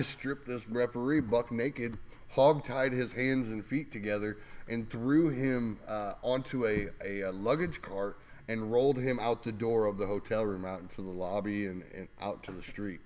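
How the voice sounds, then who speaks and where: A man's voice: mid-range voice, a little mellow. A man casually telling rambling, laughing anecdotes as a guest co-host, with lots of fillers. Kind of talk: casual storytelling.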